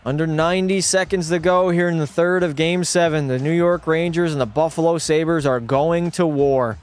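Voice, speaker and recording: A young man streaming a hockey video game, chatting with his viewers and breaking into profane, shouted rants. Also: fairly high pitch, fairly even intonation, normal speed, smooth, soft background music. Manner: profane, talks to chat, erupts into shouting rants. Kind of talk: casual gaming livestream commentary.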